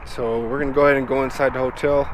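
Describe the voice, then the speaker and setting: A man from Arizona vlogging a road trip in a casual, excited way, talking to his viewers from outdoors and from a car. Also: medium pitch, rapid-fire, slight background noise. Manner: excited and upbeat, addressing viewers as guys. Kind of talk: casual vlog commentary.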